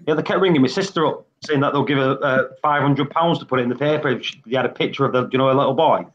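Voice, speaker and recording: A man's voice: mid-range voice, very fast, a bit bright. A man hosting a live stream, chatting casually and rambling through stories. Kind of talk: casual chat. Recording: dull lo-fi stream audio.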